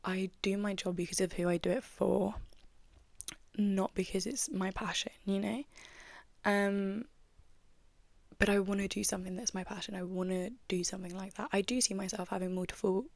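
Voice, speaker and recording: A woman's voice: medium pitch, flat delivery, normal speed, vocal fry, a little mellow, no echo. A young woman hosting a podcast, chatting in a rambling, casual way with lots of likes and you-knows. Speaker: podcast host. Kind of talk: casual chat.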